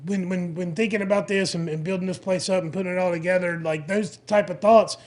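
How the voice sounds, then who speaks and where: Guy hosting a podcast, kinda high voice, stumbles and restarts a lot. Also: fairly even intonation. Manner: halting, many restarts. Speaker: podcast host. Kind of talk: casual interview chat.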